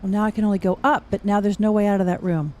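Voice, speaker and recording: A woman's voice: medium pitch, fairly even intonation, fast, darkish tone, slight background noise. A middle-aged woman giving casual gameplay commentary, chatty and thinking aloud with wry asides. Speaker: gaming streamer.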